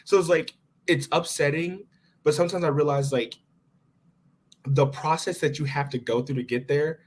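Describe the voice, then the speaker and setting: A man's voice: a little high, normal speed, breathy edge. A young man in his twenties, a podcast guest, telling his story casually and with feeling, quoting his own thoughts. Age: 20s. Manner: animated, expressive retelling with quoted inner thoughts.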